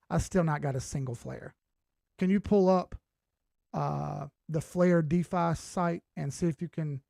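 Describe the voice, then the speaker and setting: A man in his late thirties with a fairly high voice chats casually on a livestream. His delivery is laid-back, blunt and swears freely. The sound is dry and close, with no room echo. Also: creaky, darkish tone. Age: 30s. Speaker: crypto chart analyst and livestream host.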